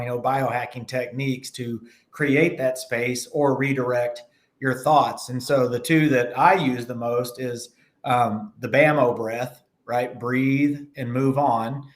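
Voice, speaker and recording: Brief: man, mid-pitched, animated podcast guest who slips into voices for stories. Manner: animated, acts out anecdotes in voices. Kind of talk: casual podcast conversation.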